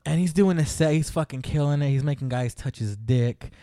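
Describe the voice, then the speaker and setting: A man casually telling a story on a podcast, animated and profane, laughing often. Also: fairly high pitch, brisk, no echo, studio quality.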